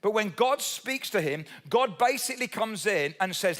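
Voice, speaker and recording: A man's voice: high voice, expressive, normal speed, hardly any pauses, a bit bright. A man preaching a sermon as pastor, chatty and questioning the congregation, with humorous asides while retelling a Bible story. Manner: conversational, asks the audience questions.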